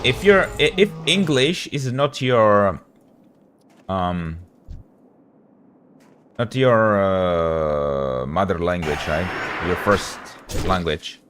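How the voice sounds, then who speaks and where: Low-voiced laid-back man streaming. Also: lively intonation, very slow, long pauses, fairly bright tone, a little hiss or hum. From Europe. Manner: rambling and laid-back, full of "bro" and "dude". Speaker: game streamer. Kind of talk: casual chat with a live stream audience.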